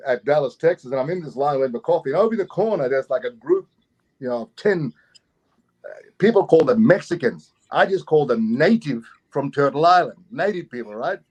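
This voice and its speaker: Australian man, lively storyteller. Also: fairly high pitch. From Doomadgee, Queensland, Australia. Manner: animated, repeats phrases, chuckles mid-story. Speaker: guest actor and festival promoter. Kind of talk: anecdotal storytelling in an interview.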